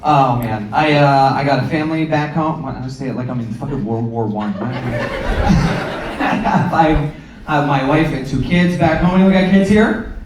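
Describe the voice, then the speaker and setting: A man in his thirties doing a stand-up comedy set, sarcastic with deadpan asides and sudden acted-out voices. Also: fairly high pitch, measured pace, noisy background. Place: comedy club stage, from far off. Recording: roomy club sound, distant mic, crowd laughter.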